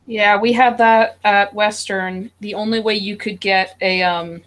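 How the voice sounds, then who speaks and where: A woman's voice: medium pitch, fairly even intonation, a little slow. Chatty woman on a video call. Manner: chatty, with fillers like "like" and "um". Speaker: artist in an online drawing group. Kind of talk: casual chat while drawing. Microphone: video call mic.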